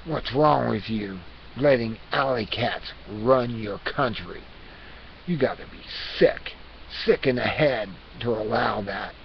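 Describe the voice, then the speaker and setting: Slow and mid-range with vocal fry, a man performs a comic rant as a male house cat who scolds and hectors his audience. He sounds conspiratorial and keeps insisting that listeners pay attention. Hiss runs through the dull, lo-fi recording.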